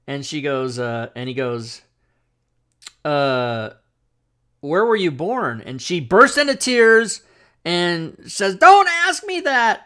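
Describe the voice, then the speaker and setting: Male livestream host, casual chat, rambling and animated, mid-pitched voice, laughs a lot. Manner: rambling, animated, laughs often, many restarts. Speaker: talk show host.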